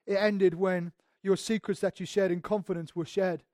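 A male pastor preaching a sermon in a church, earnest, moving between hushed passages and emphatic ones and often restarting his words. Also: high voice, fairly even intonation, moderate pace, dry recording, clean studio sound. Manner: repeats words when restarting.

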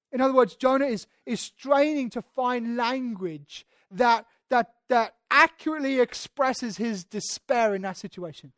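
A preacher giving an expository sermon in a conversational, emphatic way, often restarting phrases and acting out quoted speech with sudden swings in loudness. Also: mid-range voice, normal speed, hardly any pauses, no room sound, clean studio sound. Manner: acts out quoted speech with sudden shifts in volume.

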